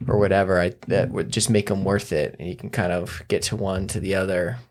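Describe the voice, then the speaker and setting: A man with a low voice hosts a podcast. He talks haltingly, restarting his sentences as he searches for the words. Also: little pitch movement, a little mellow. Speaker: podcast host. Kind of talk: casual podcast chat.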